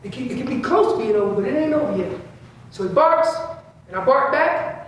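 A man's voice: extremely high pitch, animated, fairly quick. A man giving an informal elk-calling seminar in a large indoor store space. He repeats key phrases, voices what the elk are thinking, and uses casual slang. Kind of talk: informal hunting seminar talk. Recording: echoey room, speaker far from mic, faint hum.

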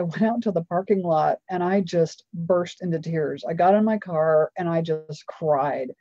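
Low-voiced woman, candid guest. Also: warm tone, no room sound, dull audio. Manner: candid, upbeat, laughs often. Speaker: guest, law of attraction trainer. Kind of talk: interview storytelling.

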